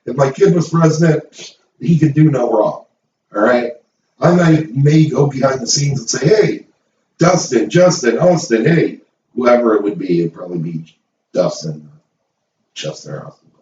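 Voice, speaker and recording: A man's voice: mid-range voice, expressive, moderate pace, pauses often, darkish tone, a little hiss or hum. A middle-aged man hosting his own show, ranting to the camera in a blunt, profane, emphatic way. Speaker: host. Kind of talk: opinion rant to camera. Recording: roomy, distant, dull sound.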